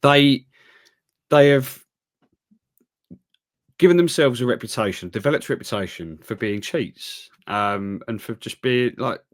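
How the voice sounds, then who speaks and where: A man's voice: mid-range voice, a little slow, pauses often, dry recording, clean studio sound. A man co-hosting a football podcast, giving opinions in casual chat with many fillers and restarts. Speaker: podcast co-host.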